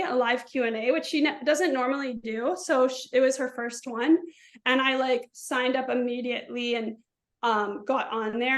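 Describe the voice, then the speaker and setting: Earnest woman, high-pitched. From Southern Ontario, Canada. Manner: earnest, heavy use of "like". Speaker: interview guest. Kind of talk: casual interview storytelling.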